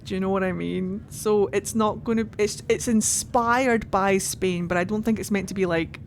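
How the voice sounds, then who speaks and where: A woman's voice: mid-range voice, steady tone, normal speed, few pauses, slight background noise. A young Scottish woman streaming a game, chatting casually and animatedly, laughing often and swearing now and then. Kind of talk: casual gameplay commentary.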